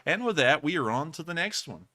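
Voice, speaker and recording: A man co-hosts a casual livestream, reading out donations. His voice is bright and forward, and he rambles a little. He circles back again and again to thanking his supporters. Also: a little high, sing-song, a little fast. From Alabama, USA. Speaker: livestream co-host.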